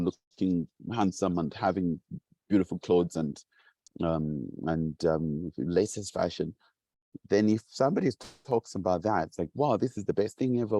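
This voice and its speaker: A man's voice: low-pitched, mellow, no echo. A man giving a motivational teaching talk, emphatic and repetitive, acting out quoted voices. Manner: emphatic, repeats key phrases, acts out quoted voices.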